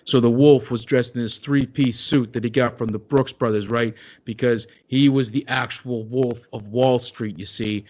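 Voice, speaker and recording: A man's voice: mid-range voice, steady tone, moderate pace, hardly any pauses, darkish tone, dull audio, lightly acted. A man doing a touchy metal-singer storyteller. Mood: grumbling. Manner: dismissive, hesitant, full of "uh" and "okay?". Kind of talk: comedy sketch impression.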